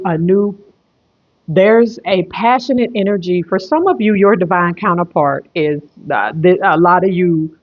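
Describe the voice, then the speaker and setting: Tarot reader, online reading, repetitive, emphatic, rambling, mid-pitched, slightly dull lo-fi sound.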